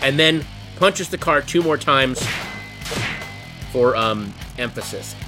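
A man telling a comic story in an animated, wry way, building tension. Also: mid-range voice, slow, creaky. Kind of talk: comedic storytelling. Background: guitar music.

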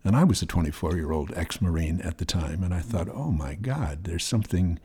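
Older man, podcast guest, very low husky voice, deliberate and reflective. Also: animated, warm tone. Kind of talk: interview conversation.

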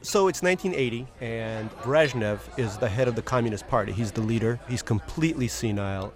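A man who grew up in the Soviet Union, telling a joke in a lively storytelling way. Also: mid-range voice, brisk, faint music behind. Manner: lively storytelling with acted voices. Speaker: joke teller.

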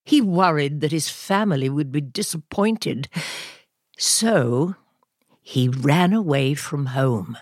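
A woman host reading a picture book aloud to children in a slow, expressive storytelling voice. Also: sits low, no room sound. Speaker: children's podcast host and reader. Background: soft music.

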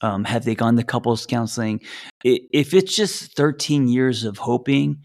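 A middle-aged man with a slight lisp, co-hosting a casual relationship podcast. His pitch sits in an ordinary middle range, and he talks loosely with plenty of fillers and restarts. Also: normal speed, darkish tone. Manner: conversational, reads listener letters aloud, many fillers. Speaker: podcast co-host.

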